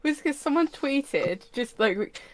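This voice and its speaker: A woman co-hosting a casual podcast, telling a story in an animated way, swearing and laughing. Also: sits high, slow, no room sound, rough recording. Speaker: podcast co-host. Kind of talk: casual chat.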